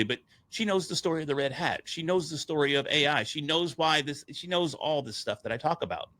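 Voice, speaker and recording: A man's voice: medium pitch, no echo. A man who speaks in public, telling stories in a casual podcast conversation and acting out the dialogue he quotes. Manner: animated, acts out quoted dialogue.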